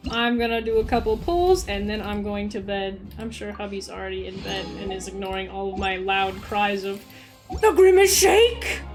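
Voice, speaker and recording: A young woman chatting casually while livestreaming a game, swinging between mumbled asides and loud squeals. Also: medium pitch. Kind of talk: casual gaming stream chat.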